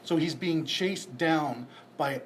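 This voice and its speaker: Animated profane man in his forties. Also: fairly high pitch, slow pace, a little hiss or hum. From Canada. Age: 40s. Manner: profane, animated storyteller acting out voices. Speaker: guest comedian. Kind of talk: casual storytelling chat.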